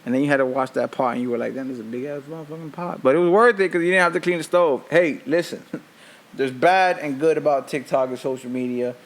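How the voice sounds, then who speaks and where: A man's voice: medium pitch, fast talker. A man in his thirties telling casual stories on his own podcast, cursing freely and laughing often. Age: 30s. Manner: profane, animated, laughing often. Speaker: podcast host. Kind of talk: casual storytelling monologue.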